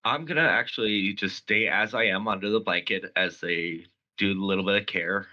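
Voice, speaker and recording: Male tabletop player, low-pitched, bright tone, relaxed, dull lo-fi sound. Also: normal speed. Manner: casual, plainly stating actions. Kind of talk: tabletop game play.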